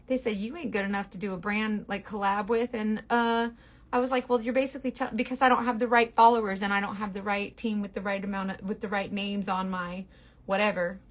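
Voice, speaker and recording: A woman's voice: mid-range voice, steady tone, fairly quick. A woman makeup artist talking through a casual makeup tutorial in a rambling, playful, sassy way. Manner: sassy slangy talk.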